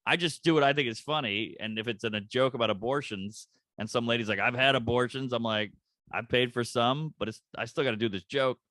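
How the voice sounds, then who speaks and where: A man's voice: medium pitch, a little fast, dry recording. A man, a comedian guest on a podcast, telling stories in casual chat and acting out the people he quotes in shifting voices. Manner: animated storyteller, acts out quotes in shifting voices. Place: comedy club green room.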